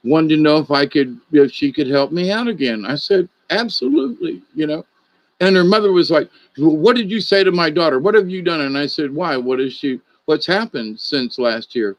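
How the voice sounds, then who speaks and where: A man's voice: fairly high pitch, expressive, moderate pace, lo-fi sound. A man, a puppeteer and storyteller, telling an anecdote in a casual, rambling way, with many restarts and quoted dialogue.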